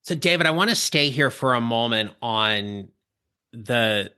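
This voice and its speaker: A male podcast host with a bright, forceful tone puts careful, deliberate questions to his guest. His delivery is measured and even. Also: mid-range voice, clean tone. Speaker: podcast host and career coach.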